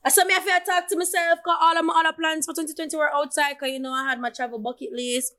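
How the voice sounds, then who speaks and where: A woman talks casually with a friend, animated and quick to laugh. Her voice sits high, and she slips into patois now and then. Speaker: podcast co-host. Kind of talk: casual chat.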